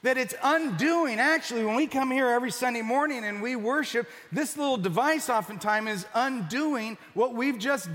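A high, bright-voiced man preaches to a large church, emphatic and dropping to a near-whisper for the points that matter most. His voice carries a long reverberant hall tail. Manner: emphatic, drops to a hush for key points. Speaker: pastor. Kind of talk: sermon.

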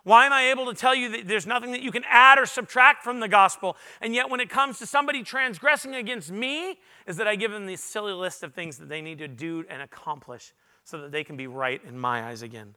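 Preaching to a large church congregation, this male pastor has a high-pitched, clean voice and speaks fairly quickly. He is earnest, swelling to loud, emphatic highs and falling back to hushed, confessional moments.

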